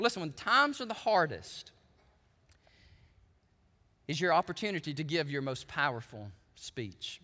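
A man's voice: a little high, sing-song, unhurried, long pauses, sharp tone, big-room sound. A man from the United States preaching a sermon as pastor, swinging between chatty asides and fervent preaching.

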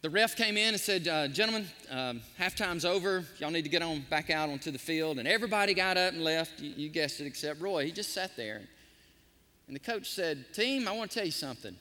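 A man pastor preaching a sermon, telling stories in an animated, emotional way. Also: on the high side, fairly quick, in a large hall. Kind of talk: sermon with storytelling. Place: church sanctuary.

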